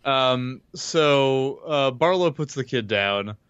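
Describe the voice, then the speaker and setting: A man's voice: medium pitch, lively intonation, slow, a bit bright, clear, resonant tone, no room sound, dull audio. A man co-hosting a podcast, casually recapping a horror novel in a loose, rambling way with restarts and casual swearing. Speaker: podcast co-host. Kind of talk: casual chat recapping a book.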